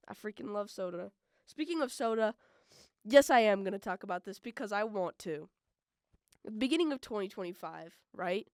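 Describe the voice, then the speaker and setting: A young woman hosting a college radio podcast, chatting casually and rambling with lots of fillers, swinging between loud bursts and mumbled asides. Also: medium pitch, lively intonation, moderate pace, dry recording, clean studio sound. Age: young adult. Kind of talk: casual solo podcast chat.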